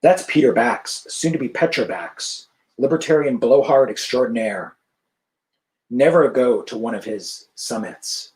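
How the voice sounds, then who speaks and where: Catty older socialite mentor, read by a male author. Slow and sardonic. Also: mid-range voice, animated, a little mellow, close to an everyday voice. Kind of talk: author reading his fiction aloud.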